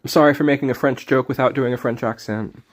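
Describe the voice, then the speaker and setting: A man's voice: mid-range voice, steady tone, quick pace. A man streaming a card game, rambling in casual commentary with jokey, self-mocking asides.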